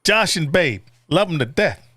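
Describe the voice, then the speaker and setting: A man's voice: fairly high pitch, very animated, moderate pace, bright, forceful tone, slightly rough, no room sound, clean studio sound. A man hosting a casual livestream. He reads viewer comments aloud, swears and laughs easily. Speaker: livestream host.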